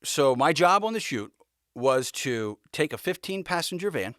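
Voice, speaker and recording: A man telling stories on his own podcast, his pitch swinging widely as he acts out the people in them. He swears casually and laughs along with his own tales. The recording is dry and close, with no room sound. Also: no room sound. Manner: animated storyteller acting out quoted voices, laughing. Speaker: podcast host. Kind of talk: casual storytelling.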